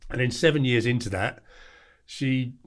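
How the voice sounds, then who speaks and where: A man in his forties from England, a podcast guest telling a story in a blunt, lively way and acting out the lines of others. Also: mid-range voice, normal speed. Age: 40s. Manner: blunt, animated storyteller who acts out quoted lines. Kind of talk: storytelling interview.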